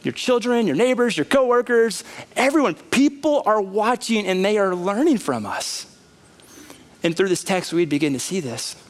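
Animated man preaching a sermon. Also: high-pitched, normal speed. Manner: animated, conversational preaching with rising emphasis. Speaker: pastor. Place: church sanctuary.

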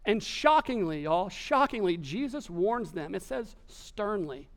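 Guy preaching, high voice, really animated storytelling. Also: a little slow, few pauses. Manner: animated storytelling, voicing characters in quotes. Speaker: pastor. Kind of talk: sermon.

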